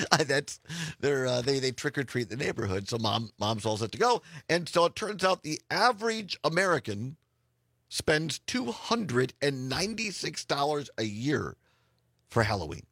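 A man hosting a talk radio show from a studio, chatting and laughing easily with a hoarse voice. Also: medium pitch, big pitch swings, measured pace, no echo. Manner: laughs often, warm easygoing rambling. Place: radio studio in an office building.

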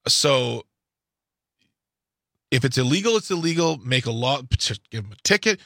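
A man's voice: medium pitch, moderate pace, a bit bright, no echo, studio quality. A man co-hosting a radio talk show, giving strong opinions in a rambling, emphatic way.

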